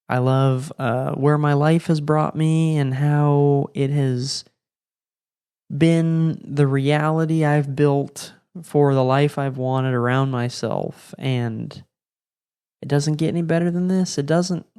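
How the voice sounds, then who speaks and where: A man's voice: on the high side, darkish tone, clear, resonant tone. Laid-back young man telling stories. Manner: laid-back, rambling, slangy with lots of "like" and "bro". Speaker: podcast host. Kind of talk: casual storytelling monologue.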